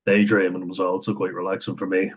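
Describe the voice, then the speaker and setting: A man talking casually to camera, thinking aloud with frequent chuckles and pauses. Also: low-pitched, flat delivery, husky, highs cut off. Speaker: vlogger talking about autism. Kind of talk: casual unscripted monologue.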